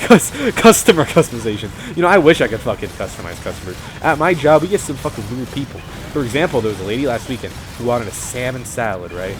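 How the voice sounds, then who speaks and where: A young man doing casual let's-play commentary, rambling from topic to topic and swearing freely as he tells stories. His voice is slightly high for a man and very lively in pitch, with faint noise underneath. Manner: rambling, profane, animated storytelling. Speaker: game commentator.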